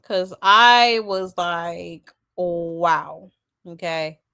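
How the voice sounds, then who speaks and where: Slow, sassy woman gossip host. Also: lowish voice, gravelly, bright, forceful tone. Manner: sassy, exasperated, full of asides; reads out viewer comments with laughs. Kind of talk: casual gossip commentary.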